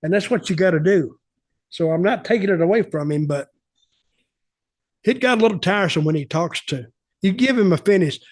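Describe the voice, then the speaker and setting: A man's voice: high voice, a little fast, dry recording, studio quality. An older man hosting a podcast who tells rambling, blunt, conversational stories. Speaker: podcast host. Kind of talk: casual storytelling.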